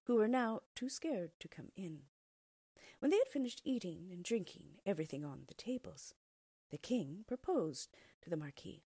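A woman reading a fairy tale aloud in an expressive storybook style. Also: fairly low pitch, breathy edge, no echo.

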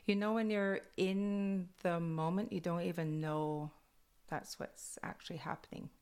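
A woman with a Kwakwala-influenced accent in her English tells stories in an animated, casual way, slipping in plenty of "like." Her voice sits a little low for a woman, and her laughter comes readily. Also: measured pace, clean tone. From Alert Bay, British Columbia, Canada. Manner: animated, laughing often, uses "like" a lot. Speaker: interviewee. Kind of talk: casual storytelling.

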